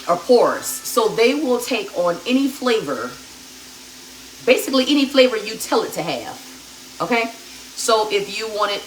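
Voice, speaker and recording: A woman's voice: medium pitch, a little hiss or hum. A woman hosting a live cooking stream from her home kitchen, chatting with her viewers as she cooks. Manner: chatty, talks straight to viewers. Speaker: cooking show host. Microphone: phone camera at a distance. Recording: echoey kitchen, mic far off, sizzling pan. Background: frying and sizzling food.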